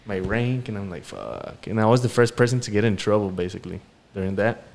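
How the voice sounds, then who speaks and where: A man co-hosting a podcast, telling a story in a relaxed, rambling way with many fillers. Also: fairly low pitch, quick pace, noisy background. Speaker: podcast co-host. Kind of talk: casual storytelling chat.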